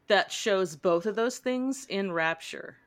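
A woman's voice: mid-range voice, slow pace. A woman hosting a casual book club podcast. She chats, reads passages aloud and laughs often. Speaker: podcast host.

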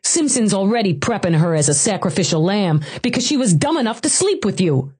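A woman voicing a hot-tempered male cop with a New York accent, who talks in a gruff, snarling way. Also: sits high, big pitch swings, brisk, darkish tone, exaggerated voice. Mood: furious.

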